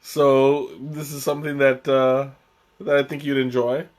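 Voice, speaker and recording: Slow-talking man chatting on a live stream. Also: mid-range voice, little pitch movement. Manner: rambling, chatty, with frequent restarts and chuckles. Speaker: live-stream tea tasting host. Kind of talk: casual live-stream chat.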